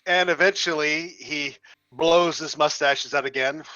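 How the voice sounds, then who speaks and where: A man narrating a tabletop game as game master, halting and restarting often. The recording sounds slightly dull and dry. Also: a little high, fairly even intonation, pushed and bright, no room sound. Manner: halting, many fillers and restarts.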